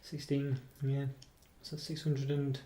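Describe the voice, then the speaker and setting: A man chats through a chocolate review at a relaxed, meandering pace. His talk is loose and hesitant, with plenty of ums, restarts and self-mocking asides. The recording carries a clear hiss of background noise and the odd click. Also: mid-range voice, unhurried. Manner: rambling and hesitant, with many ums and self-corrections; self-deprecating. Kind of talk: casual product review.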